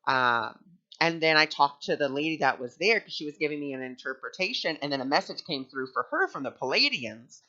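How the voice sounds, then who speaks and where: A man's voice: a little high, expressive, a little fast, pushed and bright. A man hosting a casual spiritual talk and telling a personal story in a chatty way, full of fillers. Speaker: spiritual teacher and host. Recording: dull lo-fi recording.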